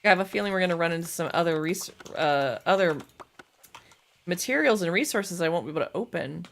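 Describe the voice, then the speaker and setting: A young woman chatting casually while livestreaming a game, self-deprecating and quick to laugh. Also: fairly low pitch, lively intonation, creaky. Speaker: streamer. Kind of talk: casual gaming livestream chat.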